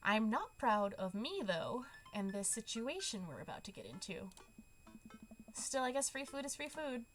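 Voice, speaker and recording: A woman's voice: on the high side, big pitch swings, moderate pace, faint music behind. Laid-back game bro, read by a woman, easygoing and dudely. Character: laid-back adult male buddy, food-loving.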